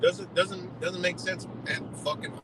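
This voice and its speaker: A man's voice: high voice, fairly even intonation, a little slow, background noise. A man on a live stream delivering a heated, profane rant full of rhetorical questions. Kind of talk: ranting monologue.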